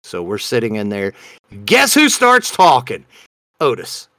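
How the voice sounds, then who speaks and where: A man's voice: medium pitch, wildly swooping pitch, unhurried, bright, forceful tone, dry recording. A man, co-hosting a casual comedy chat and telling stories in a playful, self-mocking way. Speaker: podcast co-host.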